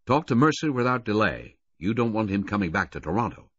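A man reading the part of a middle-aged racing official in an audiobook, earnest and steady. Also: lowish voice, no room sound, highs cut off, voice pushed up. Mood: brisk. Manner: earnest, halting when grieving.

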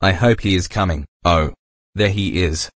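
A man plays a bossy, strict cartoon man who barks orders and threats. His voice is very low. The sound is dry and close. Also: normal speed, fairly bright tone, dry recording, poor audio. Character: bossy strict man who keeps signing the horse up for school. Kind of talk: homemade cartoon voice acting.

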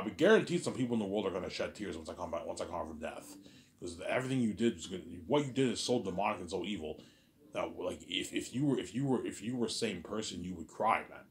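A man talking alone in an intense, repetitive, rambling monologue, often trailing off quietly and swearing. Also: deep voice, animated, quick pace. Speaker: vlogger.

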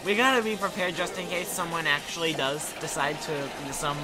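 A man's voice: on the high side, fairly even intonation, moderate pace, rough recording. A man teasing his friend while they commentate a video game together. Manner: teasing, playful banter. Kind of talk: casual gameplay commentary. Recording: game music behind.

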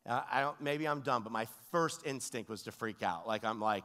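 A man preaching as a guest pastor, telling a story and acting out the voices, dropping to a hush and then rising to loud cries. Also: mid-range voice, a little fast, few pauses. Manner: animated, acts out voices, swings between hushed and shouting. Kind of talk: storytelling sermon. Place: large church hall. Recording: long hall reverb.

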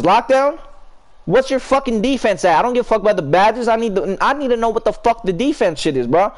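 High-voiced, profane young male streamer. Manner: profane, heated trash talk; talks to teammates and chat between plays. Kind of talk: live gameplay commentary and chat talk.

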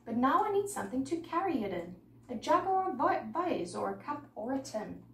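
Woman as a gentle, devoted scarecrow groom, storybook read-aloud, mic set back. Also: high voice, sing-song, moderate pace. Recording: echoey room, mic far off, faint noise.

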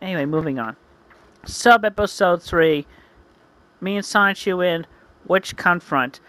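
A man's voice: high voice, a little slow, bright, forceful tone, no echo, rough recording. A man earnestly narrating his own comic as a story, often correcting himself mid-sentence. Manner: earnest, frequent self-corrections.

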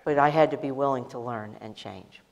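A woman's voice: extremely low pitch, creaky, long reverb tail, highs cut off. Frank American woman on a panel. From United States. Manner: frank, joking, quick asides. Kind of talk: panel discussion.

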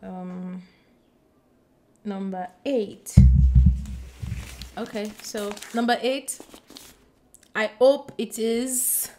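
A woman chatting excitedly to her camera as a book vlogger, bubbly and giggly, gushing as she goes. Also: medium pitch, drawn-out words, pauses often, slight background noise. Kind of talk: excited casual vlog chat. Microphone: compact camera mic.

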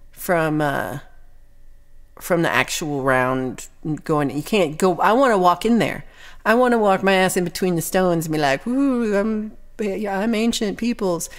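A young woman with a slightly low voice chats casually on her music livestream, reading viewer comments aloud. She rambles playfully, drifting between thoughts with frequent ums and small laughs.

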